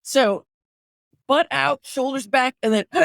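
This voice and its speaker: A woman hosting a podcast in casual, animated, jokey chat. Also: a little high, a little fast, very noisy. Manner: animated, jokey, slips into playful accents. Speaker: podcast host.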